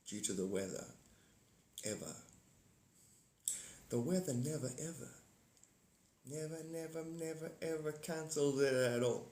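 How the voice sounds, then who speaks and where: A man's voice: fairly high pitch, moderate pace, pauses often, a little mellow, echoey room. A man in his forties, hosting a casual livestream chat, rambling and repeating himself while greeting viewers by name. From South Africa. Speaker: livestream host.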